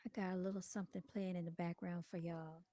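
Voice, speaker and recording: A woman's voice: fairly low pitch, level tone, fast talker, mellow, no echo. Chatty woman hosting a livestream. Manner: chatty, addresses viewers as y'all. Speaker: livestream host. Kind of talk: casual live-stream talk. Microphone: desk microphone.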